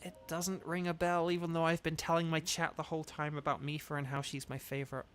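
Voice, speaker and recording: A man's voice: on the high side, flat delivery, fast, fairly bright tone, clean tone. A man streaming a video game and chatting casually, rambling with lots of fillers and laughing asides.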